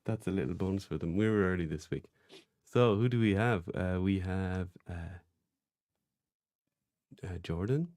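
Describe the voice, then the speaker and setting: A man hosting a casual podcast livestream, chatty and relaxed, reading out names from the chat. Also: low voice, moderate pace, no room sound, clean studio sound. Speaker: podcast host.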